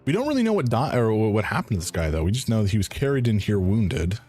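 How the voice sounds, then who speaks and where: A man's voice: lowish voice, big pitch swings, fast talker, darkish tone, slightly rough, faint music behind. A man streaming a first playthrough of a game, thinking aloud in a hesitant way and often restarting his sentences. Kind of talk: live game commentary.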